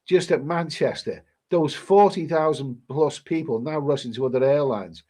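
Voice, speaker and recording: A man's voice: a little high, moderate pace, dark tone. Chatty man with a cold. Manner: rambling, chatty, many restarts. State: stuffy with a cold. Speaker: travel vlogger reading viewer comments. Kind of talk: casual live-stream chat.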